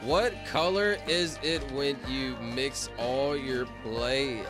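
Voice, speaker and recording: A man's voice: mid-range voice, takes it slowly, music in the background. A man chatting casually on a livestream, rambling and interrupting himself while reading chat aloud.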